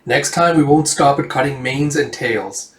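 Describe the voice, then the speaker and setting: A man's voice: mid-range voice, measured pace, fairly bright tone, natural voice. A man reading as a stern clan leader. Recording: echoey room, distant mic.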